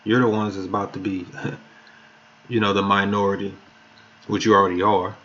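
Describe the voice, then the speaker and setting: A man's voice: lowish voice, flat delivery, moderate pace, a bit bright, a little hiss or hum. Guy preaching hard, reading verses out, tripping on words sometimes, dull muffled recording. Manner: emphatic, reads verses aloud and stumbles over words. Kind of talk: sermon with scripture reading.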